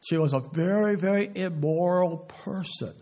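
A man preaching a sermon, slow and emphatic, often dropping to a hush on key words and asking the listeners questions. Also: sits high. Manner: asks the audience rhetorical questions.

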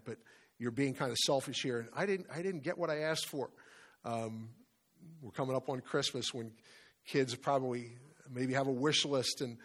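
A middle-aged man preaching a sermon in an earnest way, often asking his listeners questions. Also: medium pitch. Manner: earnest, asks many questions. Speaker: pastor or Bible study leader.

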